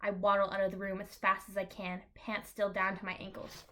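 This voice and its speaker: Deadpan young woman reading her own story. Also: medium pitch, fairly quick, slight background noise. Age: young adult. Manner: deadpan narration, breaking off with dry asides. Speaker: reader of her own fan fiction. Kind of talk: comic reading aloud with asides.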